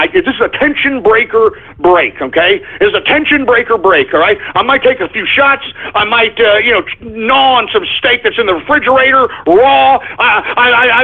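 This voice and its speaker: A man hosting his own radio show, ranting in an agitated way, repeating himself and breaking into shouts. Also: sits high, husky. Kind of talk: ranting call-in radio monologue. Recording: phone-line quality broadcast.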